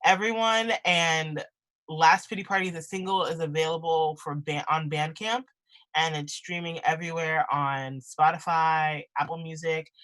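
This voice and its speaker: A woman's voice: low-pitched, fairly even intonation, moderate pace, a bit bright. A young woman, a musician presenting her new single, chatting casually with lots of "like" and "um" on a video call from home. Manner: chatty, leans on "like" and "um". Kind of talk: casual chat in a virtual concert.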